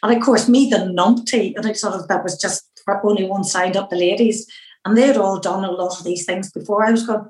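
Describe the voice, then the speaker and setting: Telling anecdotes as an interview guest, a lively middle-aged woman from Northern Ireland speaks at a moderate pace in a medium pitch. She acts out her own past remarks and uses many fillers, and the recording is rough and reverberant.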